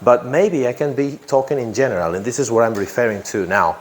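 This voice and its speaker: A man's voice: medium pitch, brisk. A man teaching an English grammar lesson to a class, who repeats key phrases and often checks in with "yeah?".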